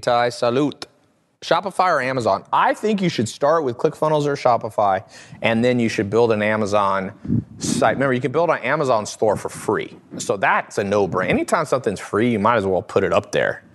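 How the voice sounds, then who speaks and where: A man hosting a casual livestream from home, answering viewer questions in a lively, joking way and often laughing. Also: medium pitch, normal speed, a little hiss or hum. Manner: animated, laughs often, acts out quotes in funny voices. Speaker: host.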